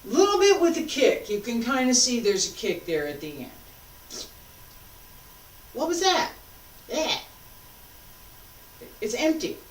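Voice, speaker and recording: A woman's voice: fairly high pitch, big pitch swings, slow, pauses often. A woman martial arts instructor talking a class through moves, patiently cueing each step as she demonstrates. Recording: roomy sound, mic far off.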